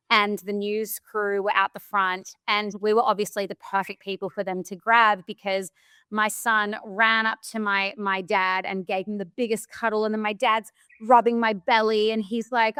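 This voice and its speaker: A woman's voice: on the high side, normal speed, clean tone, no echo. An Australian woman in her thirties co-hosting a podcast, telling stories frankly and animatedly in casual chat. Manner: frank, animated storytelling with laughs and swearing. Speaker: podcast co-host.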